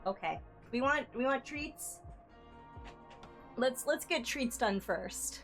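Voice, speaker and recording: An upbeat woman chats with her viewers from a home streaming desk. Her voice sits a little high and leaps around playfully, especially when she coos at her cats. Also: lively intonation, takes it slowly, fairly bright tone, soft background music. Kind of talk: casual livestream chat.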